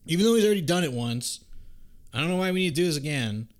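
A podcast co-host, a man with a fairly high voice, talks fast while casually recapping a movie. He swears heavily and tells the story with animation, acting out the characters' lines.

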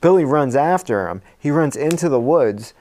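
A man's voice: on the high side, lively intonation, moderate pace, darkish tone. A man co-hosting a podcast, animatedly improvising a horror story with hammy flair. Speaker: podcast co-host.

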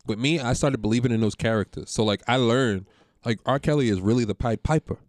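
A man's voice: mid-range voice, fairly quick, darkish tone, no echo, clean studio sound. A man with a Boston accent, co-hosting a podcast and telling loose stories full of slang. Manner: loose storytelling, heavy slang. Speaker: podcast co-host. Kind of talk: casual chat.

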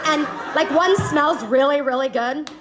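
A woman's voice: high voice, normal speed, crowd noise, noisy background. A woman telling a personal story on stage to a live audience, laughing often and swearing casually. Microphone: handheld microphone. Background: faint audience.

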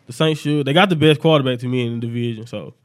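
A man giving confident, animated sports picks in a casual group chat. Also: mid-range voice. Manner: confident, animated, quick-talking. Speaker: sports pundit.

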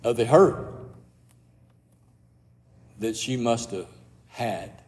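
Man, pastor, sermon, slow delivery, reflective and hushed at times, long church reverb. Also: mid-range voice. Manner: slow, reflective preaching with soft drops to near-whispers.

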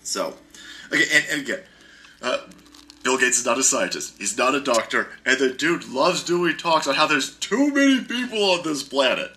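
A man's voice: mid-range voice, big pitch swings, normal speed, pushed and bright, soft background music. A man hosting a podcast, delivering a heated, sarcastic and profane rant. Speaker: podcast host. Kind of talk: ranting podcast commentary.

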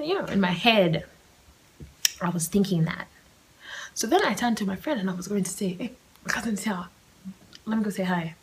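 A young woman hosts a casual solo storytime podcast, rambling and animated and often dropping into a whisper. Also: medium pitch, poor audio. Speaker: podcast host.

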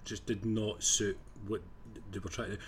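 A man's voice: on the low side, flat delivery, normal speed, husky. A man co-hosting a casual film review chat, blunt and swearing freely, saying "kinda" often. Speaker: podcast co-host.

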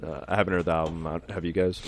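A man's voice: deep voice, flat delivery, fast talker. A young man chatting casually on a podcast, rambling, swearing freely and laughing often. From Mexican-American. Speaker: podcast host.

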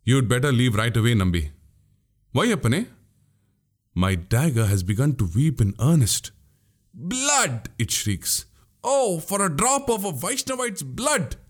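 A man's voice: mid-range voice, very animated, slow, long pauses. A man voicing a witty, boastful young male warrior in an audiobook, speaking grandly. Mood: weary. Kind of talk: audiobook character voice.

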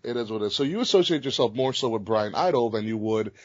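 A man hosts a casual interview, his pitch moving around a lot as he tosses out relaxed, short questions. The sound is a bit muffled and lo-fi. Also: fast talker. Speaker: interviewer host.

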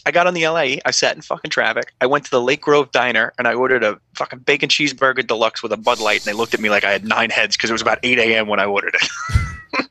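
A man's voice: mid-range voice, fast talker, a little hiss or hum. Profane New man telling cop stories. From New York. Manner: profane, animated, acts out dialogue. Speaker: guest, former police officer. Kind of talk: casual podcast storytelling.

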